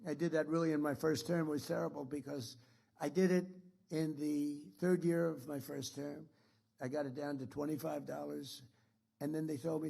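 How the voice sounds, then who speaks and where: Gravelly man giving a rambling speech. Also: on the high side, level tone, normal speed, dark tone. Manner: rambling, repetitive, boastful. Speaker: president. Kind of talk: political speech to a live audience. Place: indoor event room with an audience.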